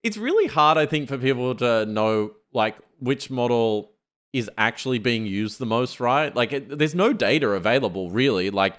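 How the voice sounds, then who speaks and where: Brief: male podcast co-host, mid pitch, easygoing filler-heavy chat. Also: lively intonation, normal speed, fairly bright tone. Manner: loose, filler-heavy, uses "like" a lot. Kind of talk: casual tech podcast chat.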